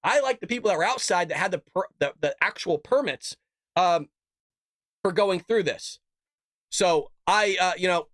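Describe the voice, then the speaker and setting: A man's voice: high-pitched, a bit bright, dry recording, studio quality. A man hosting a political commentary show, combative and emphatic, talking straight to his viewers and reading out quotes. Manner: reads out quotes and tweets.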